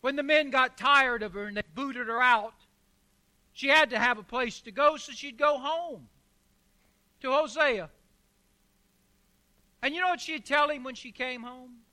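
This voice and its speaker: A man's voice: extremely high pitch, measured pace, pauses often, pushed and bright. A man preaching a sermon as pastor, emphatic, with rhetorical questions and repeated phrases.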